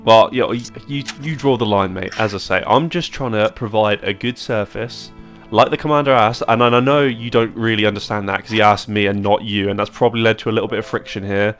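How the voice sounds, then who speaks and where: A man's voice: fairly low pitch, brisk, a bit bright, soft background music. A man voicing a common sailor who puts on airs as a pompous ship captain, speaking. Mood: defensive. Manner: pompous, self-justifying.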